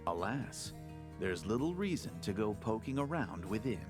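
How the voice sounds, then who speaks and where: A lively storybook game narrator. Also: male voice, on the low side, moderate pace. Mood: storytelling. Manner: theatrical, storytelling game-master delivery. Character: wry male game master narrating a card tale. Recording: game audio with faint music underneath.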